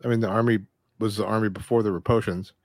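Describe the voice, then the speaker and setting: A man's voice: on the low side, steady tone, darkish tone, dry recording. A man playing a tabletop role-playing game, talking casually and speaking in character. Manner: casual, playful, voices his character in quick asides. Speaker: player.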